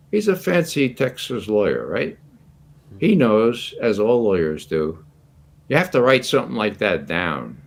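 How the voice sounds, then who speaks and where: A man in his eighties, a guest commentator, telling stories in an animated, anecdotal way and chuckling often. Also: deep voice. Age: 80s. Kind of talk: casual storytelling commentary.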